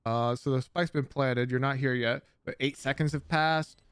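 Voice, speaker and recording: A man's voice: mid-range voice, steady tone, normal speed, a bit bright, clear, resonant tone, dry recording, studio quality. A man coaching a player through a gameplay review, emphatic and blunt, repeating his key points. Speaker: game coach.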